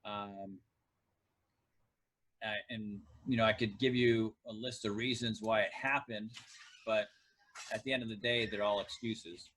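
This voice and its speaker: A man's voice: fairly low pitch, fairly even intonation, measured pace, long pauses, a bit bright, poor audio. A middle-aged man and former pro kicker turned coach, a guest in a casual podcast interview, telling long reflective stories from sport. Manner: reflective, tells sports anecdotes at length.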